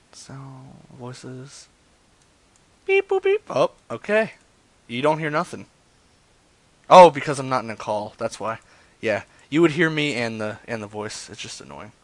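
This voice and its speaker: A man's voice: mid-range voice, gravelly. Joking, crude man hosting prank calls. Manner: crude, joking, trails off into mumbles. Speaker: prank caller hosting a call-in stream. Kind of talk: casual rambling chat with prank calls.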